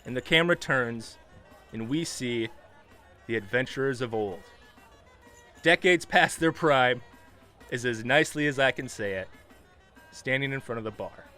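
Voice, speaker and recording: A man narrating a tabletop game as dungeon master, in a lively, casual way. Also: mid-range voice, moderate pace, pauses often, faint music behind.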